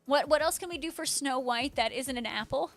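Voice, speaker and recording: A young woman with a high voice talks in a bubbly, chatty way on a live stream, answering her viewers as she goes. Faint music plays behind her. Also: a little fast. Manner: bubbly, chatty, reads chat aloud. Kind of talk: casual live-stream chat.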